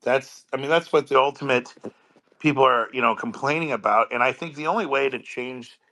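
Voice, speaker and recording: A man with a bright, forceful tone talks in a casual chat. He stumbles and restarts often, repeating words before he finds his point. His pitch sits in an ordinary middle range. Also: a little fast.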